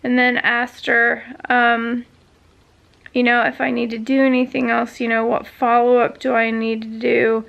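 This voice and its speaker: A woman's voice: on the high side, completely flat delivery, measured pace, gravelly, a bit bright, muffled recording. A woman vlogger chatting casually, telling a long story with many fillers and asides. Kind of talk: casual chat.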